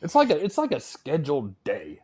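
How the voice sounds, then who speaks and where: A man's voice: on the high side, huge pitch swings, a little fast, very noisy. A man co-hosting a casual podcast, laid-back and chatty, peppering his talk with "man" and "dude". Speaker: podcast co-host.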